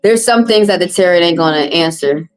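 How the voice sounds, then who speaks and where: A woman does live tarot readings for viewers in casual stream chat, her fairly low voice moving fairly quickly over faint music on poor audio. She talks bluntly and profanely, teases callers and laughs often.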